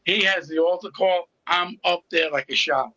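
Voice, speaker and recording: A man's voice: high-pitched, moderate pace, pushed and bright, no echo, muffled recording. A middle-aged man telling his personal story as an interview guest, candid and with a sarcastic sense of humor. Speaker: interview guest, recovery coach.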